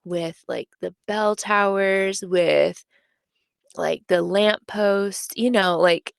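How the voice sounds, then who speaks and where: A woman's voice: medium pitch, slow pace, vocal fry, clear, resonant tone, dry recording, studio quality. A young adult woman co-hosting a book podcast, chatting casually and emphatically with lots of fillers. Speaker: podcast co-host.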